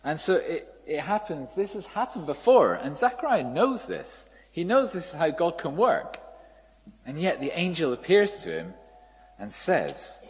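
A man's voice: a little high, sing-song, measured pace, a little hiss or hum. Man preaching a conversational sermon, reverberant church. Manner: conversational storytelling. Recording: reverberant hall, faint ambience.

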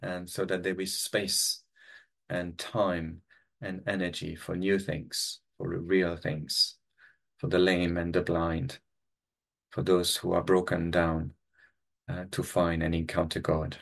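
A man leading a church prayer meeting over a video call, talking in a halting, reflective way with many restarts. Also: deep voice, little pitch movement, creaky, a bit bright.

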